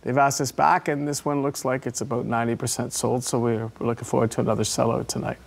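A man, a tribute performer, chatting as a guest in a live TV studio interview in a relaxed, friendly storytelling way. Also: mid-range voice, quick pace, gravelly.

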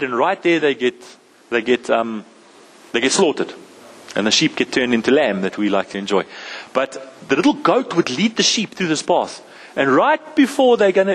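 A man's voice: mid-range voice, rough recording. A man with a South African English accent preaching a sermon as pastor, often asking "Amen?" and repeating phrases as he builds a point. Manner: repeats and restarts phrases, calls out "Amen?" to the congregation.

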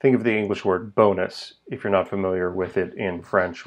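Male language teacher, lowish voice, unhurried, repeats words for drills. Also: steady tone. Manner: slow, deliberate, repeats words for learners. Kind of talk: pronunciation lesson.

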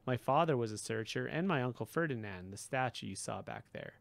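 A man voicing a gentle, idealistic young male satyr who talks mournfully and turns indignant. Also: mid-range voice, lively intonation, brisk, gravelly, dry recording. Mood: earnest.

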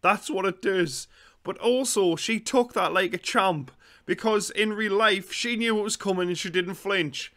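A man with a Geordie accent, chatting excitably and swearing while reacting to a comedy show. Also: high-pitched, a little slow. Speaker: reaction video host. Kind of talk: casual reaction commentary.

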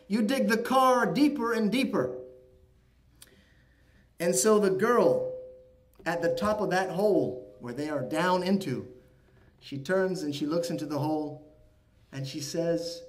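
Male imam, high voice, Friday sermon; storytelling delivery that swells into emphatic stretches.

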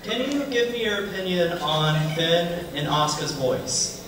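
A man asking a panel a question in a hesitant, halting way. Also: sits high, expressive. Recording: distant, echoey hall with crowd.

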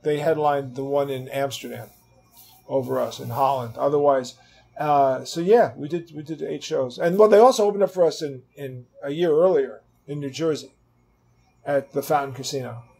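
A man in his sixties with a voice pitched a little above the usual male range. He tells stories from the road in a lively, casual way, swearing freely and acting out the people he quotes. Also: moderate pace, creaky, breathy edge. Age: 60s. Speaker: interview guest, rock guitarist. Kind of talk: casual anecdote telling.

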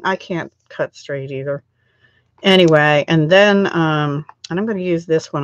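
A woman's voice: sits low, muffled recording. Chatty middle-aged woman with scratchy throat. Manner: rambling, chatty, narrates her crafting steps. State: scratchy throat, recovering from a cold. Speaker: craft channel host. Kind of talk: chatty live crafting stream.

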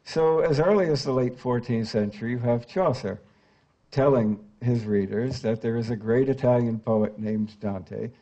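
An older man lecturing in a scholarly, unhurried way and often pausing on "uh" between phrases. His voice has a dark, mellow tone. The sound is slightly dull and lo-fi. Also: medium pitch. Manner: scholarly, with frequent "uh" fillers, reads quoted verse aloud. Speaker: translator giving a talk.

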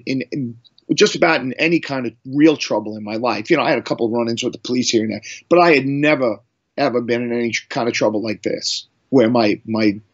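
A middle-aged man from Long Island tells his story in a loose, rambling way, full of restarts and fillers. His voice sits in an average pitch range. The audio is slightly muffled. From Long Island, New York. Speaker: guest musician. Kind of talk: casual storytelling interview.

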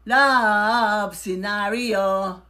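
A woman's voice: medium pitch, very slow. A middle-aged woman, a mom, joking through casual chat, blunt and teasing, laughing often. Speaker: mom in comedy clips. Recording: noisy home recording.

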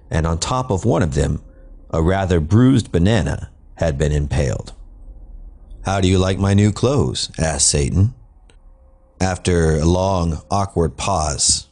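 Deep-voiced man narrating slowly. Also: a little mellow. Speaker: storyteller. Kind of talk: scripted narration.

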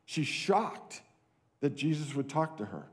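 A man's voice: a little high, very animated, a little slow. A middle-aged man preaching a sermon at a family camp, earnest, repeating key phrases for emphasis. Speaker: camp speaker. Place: camp meeting hall.

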